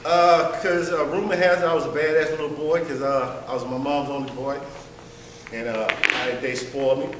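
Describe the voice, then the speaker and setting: Brash high-voiced man doing stand-up. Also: flat delivery, normal speed, heavy background noise. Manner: brash, profane storytelling. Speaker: comedian in a workshop. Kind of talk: stand-up set. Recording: echoey room, distant mic.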